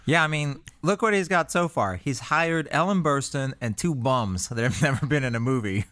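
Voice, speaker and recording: A man's voice: medium pitch, normal speed, a bit bright, no room sound. A man co-hosting a podcast in casual chat, joking and laughing often. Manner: jokey, laughs often, teasing. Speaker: podcast co-host.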